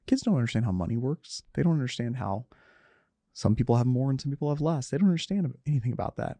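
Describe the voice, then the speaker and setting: A man's voice: medium pitch, expressive, fast, mellow, dry recording. A middle-aged man in reflective conversation, earnest and self-searching, often trailing off and restarting his sentences.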